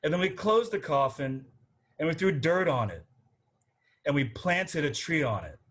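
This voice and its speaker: A man's voice: a little high, very animated, normal speed, fairly bright tone, husky. A man running for city council, giving an earnest, rhythmic speech over a video call to a virtual arts forum.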